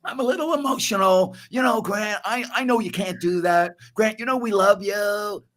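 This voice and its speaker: A man doing a high, pleading team owner. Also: moderate pace, fairly bright tone. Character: excitable middle-aged male team owner, pleading and emotional.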